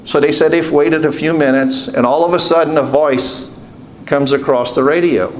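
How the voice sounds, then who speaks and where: A man's voice: a little high, fairly even intonation, moderate pace, a little hiss or hum. A man, a deacon telling a rambling story in a homily and repeating "he said" as he goes. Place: church.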